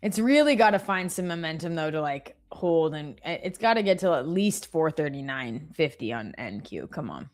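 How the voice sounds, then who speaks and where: A woman's voice: sits low, sing-song, moderate pace, hardly any pauses, soft background music. A woman co-hosting a live trading stream, chatting casually, laughing and cheering her trades on.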